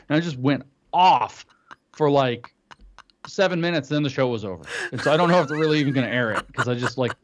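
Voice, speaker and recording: A man telling an animated story in casual chat, acting out what others said. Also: fairly high pitch, fast, slight background noise. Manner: animated storytelling, acts out quotes. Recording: dull lo-fi audio.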